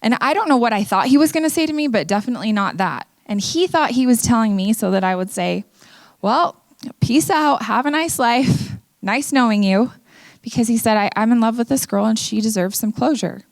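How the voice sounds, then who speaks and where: A woman's voice: on the high side, fast talker, few pauses, no echo. A middle-aged woman from Utah giving an earnest, candid personal testimony talk at an event. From Utah, USA. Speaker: speaker. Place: event venue.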